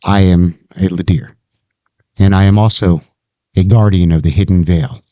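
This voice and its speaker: A man voicing a stern, mysterious guardian who is the heroine's uncle, speaking in measured pronouncements. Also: low voice, steady tone, mellow, no room sound, lo-fi sound, voice pushed down, lightly acted. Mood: grave.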